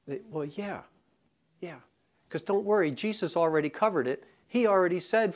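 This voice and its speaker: A male pastor delivering a sermon in a somewhat high voice. He speaks in a loose, conversational way, with restarts and fillers. At points he builds to slow, forceful emphasis. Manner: conversational, rising to impassioned emphasis; many fillers and restarts in the calmer parts.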